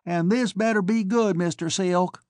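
A man voicing a proud, indignant young woman who speaks in clipped, sharp lines. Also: high voice, measured pace, dry recording, clean studio sound, voice pushed up.

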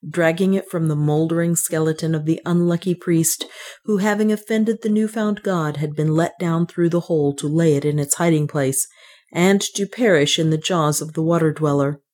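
A woman narrating an adventure novel as an audiobook in a measured storytelling manner. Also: low-pitched, darkish tone. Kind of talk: scripted narration.

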